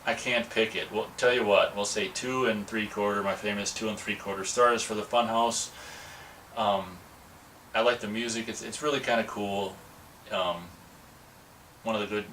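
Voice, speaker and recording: A man rambles through a casual movie review, acting out lines from the film as he goes. His voice is low-pitched but bright. He sits some way from the mic, with faint background noise. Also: far from the mic, poor audio. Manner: rambling, digressive, acts out quotes.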